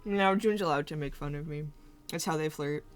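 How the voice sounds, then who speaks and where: A woman's voice: low voice, brisk, soft background music. A woman running a tabletop game as game master, laughing often and rambling through her explanations with many fillers.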